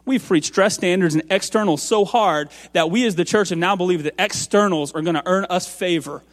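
A man on a church's music staff, preaching an earnest sermon that moves from quiet asides to raised, emphatic lines. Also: high-pitched, fairly quick, in a large hall.

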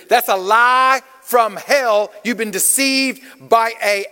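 A man's voice: high-pitched, animated, moderate pace, hardly any pauses, pushed and bright, big-room sound. A man preaching to a congregation as a guest speaker, playful and engaging, questioning the crowd and drawing responses. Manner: playful, calls on the congregation, Southern "y'all". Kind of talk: lively interactive sermon. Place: church.

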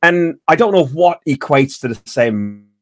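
A man co-hosting a casual football chat, animated and joking with frequent restarts. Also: fairly high pitch, unhurried, no echo. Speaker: podcast co-host.

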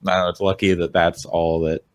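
A man's voice: deep voice, a little fast, no room sound. A young man co-hosting a gaming podcast, chatting casually and telling a story with frequent laughs. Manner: relaxed storyteller, laughs often. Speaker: podcast co-host. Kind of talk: casual chat.

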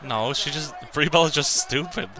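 A man on a voice chat call doing excitable, laughing commentary while watching wrestling. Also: a little high, normal speed, creaky. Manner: excitable, laughing, shouting play-by-play. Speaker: co-host.

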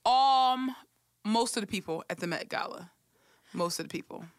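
A woman's voice: a little high, moderate pace, dry recording, clean studio sound. A young woman, co-hosting a casual chat and telling stories with lots of laughter and acted-out quotes. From Philadelphia. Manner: animated storytelling, acts out quotes, swears freely, laughs often. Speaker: podcast co-host.

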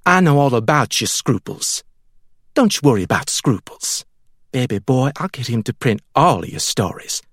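A man's voice: mid-range voice, sing-song, moderate pace, dry recording, studio quality. A man voicing a clingy, doting woman who coos and pleads, in an audiobook reading. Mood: pleading. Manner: cooing, pleading, baby talk.

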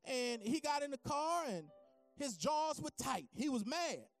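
A preacher giving a sermon, telling a story and building from calm teaching to shouted, sing-song preaching. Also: high voice, a little slow, faint music behind.

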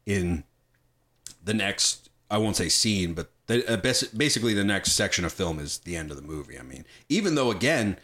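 With a low-pitched voice and moderate pace, this man hosts a podcast's casual film chat, swearing liberally and talking with animated enthusiasm.

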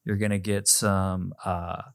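A man's voice: low voice, little pitch movement, measured pace, creaky, dry recording, clean studio sound. A man hosting a casual podcast chat, playful and fond of wordplay. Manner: playful, wordplay and food banter. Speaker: podcast host.

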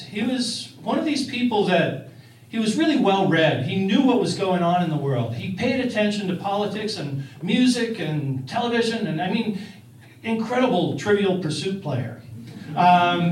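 A man's voice: high voice, a little hiss or hum. A man telling a first-person story in a conversational way, with fillers and restarts. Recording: roomy, distant-miked.

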